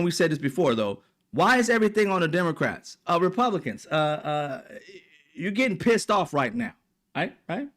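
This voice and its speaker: A man's voice: on the high side, a bit bright. A man delivering a heated, profane political rant, mocking and blunt. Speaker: political commentator. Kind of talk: ranting monologue.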